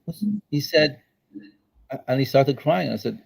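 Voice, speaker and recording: A man's voice: medium pitch, measured pace, vocal fry, long pauses, slightly rough, low-quality recording. An older man as an interview guest at his daughter's house, telling stories emphatically and checking in with "okay?" and "all right?". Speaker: guest entrepreneur. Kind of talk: storytelling interview answer.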